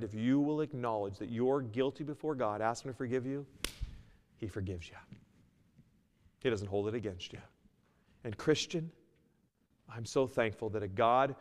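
A man preaching a sermon as pastor, earnest, moving between loud emphasis and a quiet plea. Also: medium pitch, big-room sound. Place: church sanctuary.

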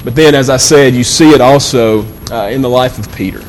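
Speaking briskly, a middle-pitched pastor works through his sermon in an earnest, conversational manner, tripping over and repeating words along the way. The long echo of a big hall surrounds him, and a faint low rumble lies beneath.

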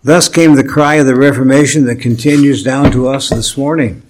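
A man preaching a sermon, slow and deliberate, with emphatic pauses and touches of humor. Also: mid-range voice, fairly even intonation, background noise. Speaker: pastor.

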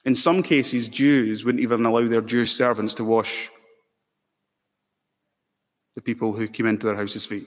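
A man preaching a sermon with passion, building to loud emphatic peaks. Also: medium pitch, fairly even intonation, normal speed, long pauses. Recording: long hall reverb.

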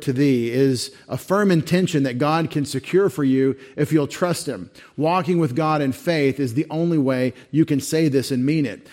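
A man's voice: medium pitch, a little mellow. Male pastor, mid-range voice, conversational sermon delivery with emphatic readings. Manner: conversational, rising to emphatic when reading verses.

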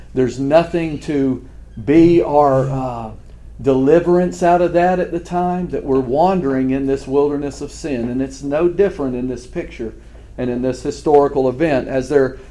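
A man's voice: fairly high pitch, warm tone. A man preaching a sermon as pastor, earnest and fervent, often restarting his words.

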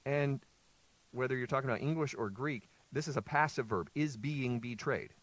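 A man's voice: medium pitch, normal speed, fairly bright tone, no echo. A male pastor preaching a sermon. He reads scripture aloud, explains it, and puts questions to the listeners before answering them himself.

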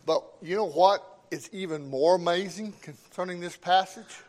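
A man's voice: sits high, moderate pace. A man preaching a sermon as pastor, with rising emphasis and call-outs to the congregation.

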